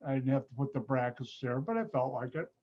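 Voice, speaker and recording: Brisk and medium-pitched, a male chemistry professor leads an online lesson patiently, restating key points and adding playful asides. It's recorded through a computer mic on a video call, with muffled, lo-fi quality.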